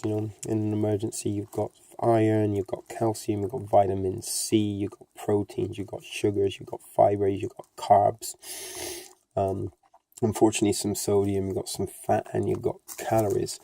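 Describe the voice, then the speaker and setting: A man's voice: lowish voice, gravelly, warm tone. A man with an English accent hosting a casual how-to demonstration, chatty and rambling with cheeky self-mocking asides. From England. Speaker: prepping channel host. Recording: bag crinkling noise over the voice.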